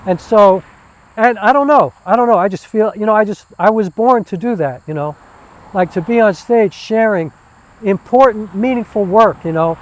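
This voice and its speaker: Heard on a poor-quality recording, this man's voice is high-pitched with a darkish tone. He's a theater performer who used to be a musician, and he talks eagerly and informally in an interview, leaning heavily on fillers.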